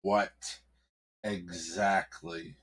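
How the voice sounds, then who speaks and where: A man voicing an imposing, stern male mayor in an improvised story, drawing his words out slowly. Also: sits low, little pitch movement, fairly bright tone, breathy edge, heavily acted.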